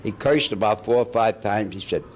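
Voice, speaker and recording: An older man, a veteran actor being interviewed, telling stories in an animated way, chuckling and acting out the people he quotes. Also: lowish voice, moderate pace, slight background noise. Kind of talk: anecdotal storytelling.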